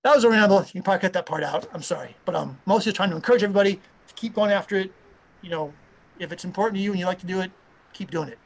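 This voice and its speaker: A man's voice: sits high, very fast. A middle-aged man, a company founder, talking casually and rambling with lots of fillers. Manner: rambling, full of fillers and acted-out quotes. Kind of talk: casual talk to an online audience.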